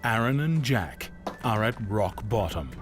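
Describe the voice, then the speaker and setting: A man's voice: fairly low pitch, animated. Dramatic male documentary narrator. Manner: measured, dramatic voice-over. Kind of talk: scripted narration. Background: background music.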